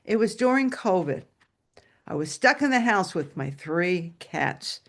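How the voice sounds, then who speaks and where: A woman storyteller telling a personal tale aloud over a video call, animated and dramatic. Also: measured pace. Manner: animated and dramatic, shouting at high points. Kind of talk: live oral storytelling.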